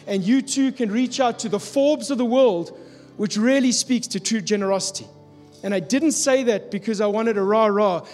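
Man preaching with high voice, echoing hall. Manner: earnest, confessional storytelling. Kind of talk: sermon with personal story. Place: church hall. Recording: long hall reverb with soft music.

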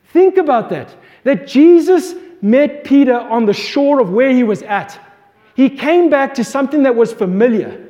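A man's voice: very high-pitched, darkish tone. A man preaching a sermon, retelling a scripture story with passion and asking his listeners questions. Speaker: pastor. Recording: long hall reverb.

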